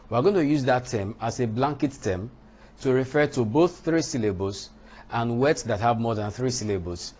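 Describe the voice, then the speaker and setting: A man teaching a lesson on English word stress, speaking deliberately and punching out example words. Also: mid-range voice, darkish tone. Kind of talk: lecture on English pronunciation.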